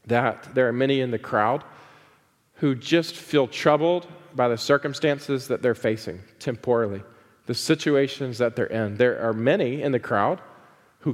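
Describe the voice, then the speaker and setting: A male pastor preaching a sermon, casual asides with "uh" fillers that build to fervent, drawn-out emphasis. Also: mid-range voice, big-room sound. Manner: conversational asides with frequent "uh" fillers.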